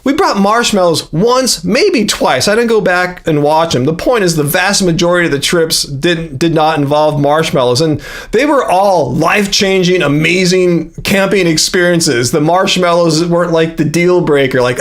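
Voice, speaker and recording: A man's voice: fairly high pitch, normal speed. A man in his fifties hosting a casual livestream, rambling and chatty with frequent fillers. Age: 50s. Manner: rambling, many fillers and restarts. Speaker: livestream host.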